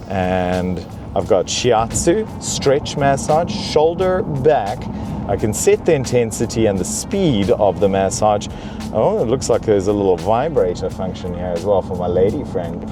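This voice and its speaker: A young man hosting a comedic car review from a car's back seat, in a playful, mock-pampered way. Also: deep voice. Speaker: host reviewing a luxury car.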